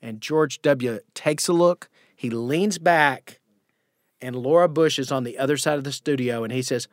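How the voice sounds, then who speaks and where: A man chats on a podcast about doing impressions. He tells stories with animated turns and dips into other voices. The voice sits close and dry, with no room sound. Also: medium pitch, normal speed, no echo. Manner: animated storyteller who slips into impressions. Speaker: guest impressionist. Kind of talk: casual podcast chat.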